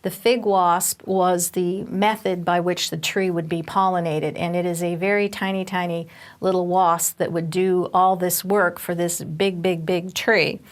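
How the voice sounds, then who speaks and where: A woman Bible teacher with a slightly low-pitched voice walks through a lesson. She explains step by step, pausing on fillers and restarting phrases as she goes. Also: fairly even intonation. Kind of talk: recorded teaching session.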